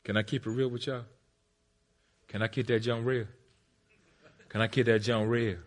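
A man in his forties preaching an energetic sermon with comic stories, laughing often and shouting at the peaks. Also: medium pitch, normal speed.

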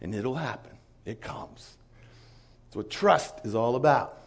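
A man preaching in an animated storytelling sermon, acting out the dialogue of the people in his stories. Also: mid-range voice, a little slow, husky. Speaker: pastor.

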